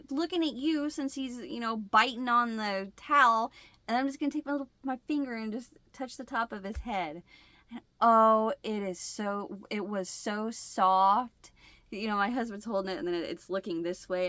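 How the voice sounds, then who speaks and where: Woman vlogger, casual storyteller, bright and close-miked, animated delivery. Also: medium pitch, no room sound. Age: adult with a husband. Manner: animated, acts out her own shouts and gasps. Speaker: channel host.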